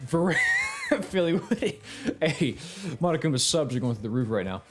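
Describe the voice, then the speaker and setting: Animated, swearing gaming streamer, man. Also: a little high, moderate pace, pauses often, soft background music. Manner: animated, swearing, laughing, reacting to chat. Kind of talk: casual gaming stream commentary.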